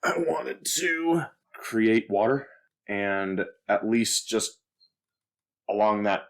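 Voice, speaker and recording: Low-voiced male player, rambling, hesitant, fillers everywhere. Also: lively intonation, takes it slowly, creaky. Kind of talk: casual tabletop game play.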